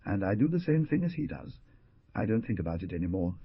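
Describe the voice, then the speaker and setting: A stern, proud old village man , played by a male narrator, gruff and lecturing, his husky voice rising and falling freely. The audio sounds dull and close. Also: low-pitched, sing-song, fast, no echo, full character voice. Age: older.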